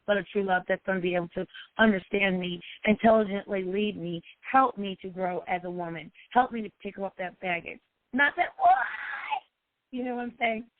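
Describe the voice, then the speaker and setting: A woman's voice: no echo, phone-quality sound. A woman life coach talking personally to her followers, emotional and repetitive. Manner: emotional, repetitive, sometimes cries out high.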